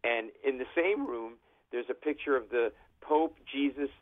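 A comedian from Providence calls into a chat show and spins stories, jumping into other people's voices as he goes. His average-pitched voice reaches the listener through a thin, tinny phone line. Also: moderate pace. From Providence, Rhode Island. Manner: animated storyteller, acts out voices. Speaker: comedian guest. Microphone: phone call.

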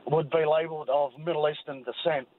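A man's voice: fairly high pitch, steady tone, a little fast. A man calling in to a radio show, blunt and emphatic. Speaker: caller. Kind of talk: phone-in call. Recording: tinny phone line with faint hiss.

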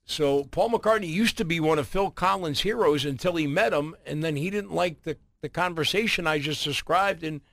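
A man hosting a morning radio show, telling a story in a relaxed way and often repeating words. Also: on the high side, normal speed, vocal fry, hardly any pauses. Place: radio studio. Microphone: studio microphone.

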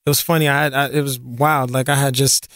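A man from New York telling stories as an interview guest, animated and slangy, often repeating words. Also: medium pitch, a little fast, dry recording, studio quality. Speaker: interview guest, singer and actor. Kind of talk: casual interview storytelling.

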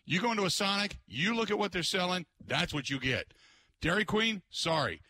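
A man hosting a talk radio show, ranting in an exasperated, animated way and putting on mocking voices. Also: high voice, normal speed, no echo. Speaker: radio host.

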